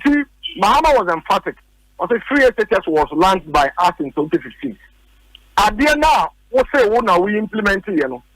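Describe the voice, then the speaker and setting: Ghanaian man pressing a political case in a radio studio, high-pitched, dry close sound, repeats himself for emphasis. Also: a bit bright, dry recording, rough recording. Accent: Ghanaian English. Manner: emphatic, repeats points, rhetorical questions. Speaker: political commentator. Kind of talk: heated political argument on radio.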